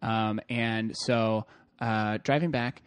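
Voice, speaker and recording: A young man co-hosting a podcast, telling a story in casual chat with joking, deadpan asides. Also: lowish voice, takes it slowly, clean tone, dry recording. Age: young adult. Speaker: podcast co-host.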